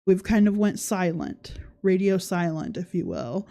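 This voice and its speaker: A woman's voice: on the low side, sing-song, a little slow, creaky, mellow. A woman hosting a casual livestream podcast, commenting sarcastically and often laughing as she talks and reads viewer comments. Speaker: podcast host.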